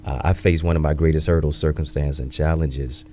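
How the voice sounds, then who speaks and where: A man in his thirties, an author and speaker, telling his life story in an interview in a reflective, measured way, with catchy sayings. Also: very deep voice, steady tone, dark tone, a little hiss or hum.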